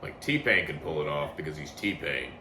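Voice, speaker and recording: A man's voice: a bass voice, moderate pace. A man co-hosting a casual music podcast, cracking jokes and swearing as he chimes in. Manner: jokey, swears, lively interjections. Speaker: podcast co-host. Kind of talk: casual review chat. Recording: echoey room, faint noise.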